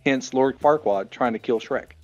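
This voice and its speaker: Animated, cussing podcast co-host man. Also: medium pitch, normal speed, dull audio, faint music behind. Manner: animated, profane storyteller. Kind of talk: casual movie-review chat over beer.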